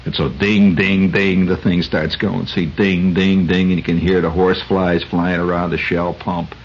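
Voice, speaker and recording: On a lo-fi 1970s radio recording with a little hiss or hum, an American radio host tells a rambling story in a deep, level voice at a measured pace. His storytelling monologue is conversational and full of fillers.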